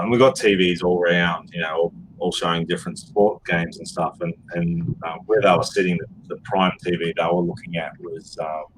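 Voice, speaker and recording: A man's voice: low-pitched, slight background noise. A man hosting a reselling livestream, chatting casually and telling rambling stories full of fillers and restarts. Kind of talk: casual chat during a livestream.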